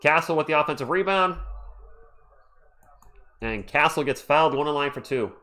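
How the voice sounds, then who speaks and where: A man's voice: fairly high pitch, moderate pace. A man hosting a casual livestream, calling a basketball game play by play and reading chat aloud into a desktop microphone at home. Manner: chatty, excitable, reads chat aloud. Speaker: livestream host. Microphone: USB desktop microphone.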